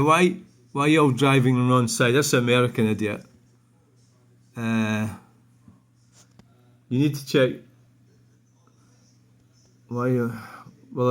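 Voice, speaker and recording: A Scottish man in his fifties talks through viewer comments on his vlog in a blunt, rambling way. He swears freely as he answers them. His voice sits at an ordinary middle pitch. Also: a bit bright. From Scotland. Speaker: vlogger.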